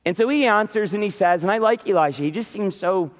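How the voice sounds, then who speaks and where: Quick and high-pitched, this pastor keeps his sermon casual and chatty while voicing the lines of figures from the Bible. A dull, reverberant hall sound surrounds him.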